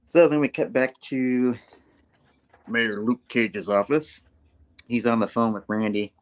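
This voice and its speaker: A man's voice: medium pitch, steady tone, a little slow. A man hosting a comic book show, casually retelling the story and jumping into character voices. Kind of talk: casual comic review, acting out scenes.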